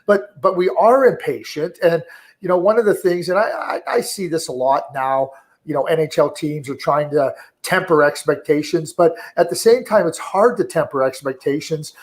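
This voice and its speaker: A middle-aged man with a slightly raised pitch talks hockey as an interview guest. He rambles, stumbles over repeated words, and perks up when he acts out quotes. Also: normal speed. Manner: talkative, repeats words and restarts, animated when quoting. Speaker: hockey scouting director, guest. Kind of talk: conversational radio interview.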